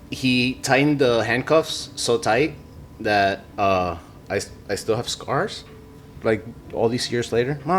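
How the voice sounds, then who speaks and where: A man's voice: lowish voice, a bit bright, a little hiss or hum. A man telling his own story as a podcast guest in casual chat, rambling with lots of fillers and swearing. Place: podcast studio.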